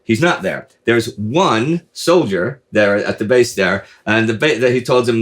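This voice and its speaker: Man telling history as a lively story. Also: medium pitch, a little slow, hardly any pauses. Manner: animated storytelling, many restarts and asides. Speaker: host. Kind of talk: casual history chat.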